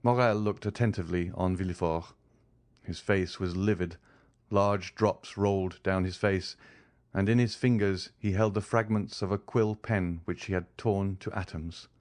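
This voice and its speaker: A man narrating a classic novel as an audiobook, reading in a measured, even way. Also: deep voice, no room sound, clean studio sound.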